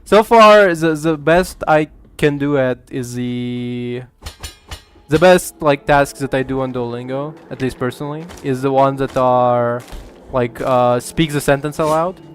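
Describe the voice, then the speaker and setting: A young Ukrainian man streams a game while chatting casually, rambling, stammering and swearing freely. His voice is medium in pitch and his pace a little slow.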